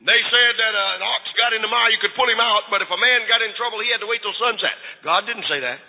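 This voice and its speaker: Preacher man with a real high husky voice, emphatic, calls to the crowd, tinny echoey church recording. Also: fairly even intonation, fast talker. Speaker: pastor. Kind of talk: sermon. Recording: tinny lo-fi recording in a reverberant hall.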